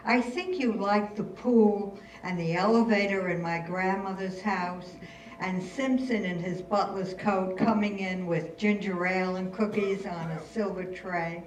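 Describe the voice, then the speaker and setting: A woman's voice: fairly low pitch, a little hiss or hum, lightly acted. An older woman reading as a wry, rebellious rich girl. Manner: sardonic, theatrical. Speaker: actor in a staged reading. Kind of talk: stage reading of letters. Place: stage in a hall. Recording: roomy, distant hall recording.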